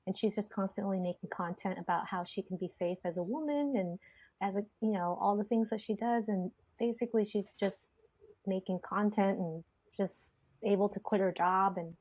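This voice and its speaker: A woman's voice: medium pitch, moderate pace, a little mellow. A woman hosting a podcast in casual chat, rambling along with lots of fillers. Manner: chatty, rambling with many fillers. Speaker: podcast host. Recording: slightly dull lo-fi sound.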